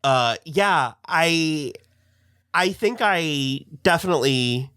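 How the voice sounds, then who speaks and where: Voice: medium pitch, expressive, slow pace, fairly bright tone, clean tone, no room sound, studio quality. A co-host in a casual reaction chat, talking enthusiastically and sometimes groping for words.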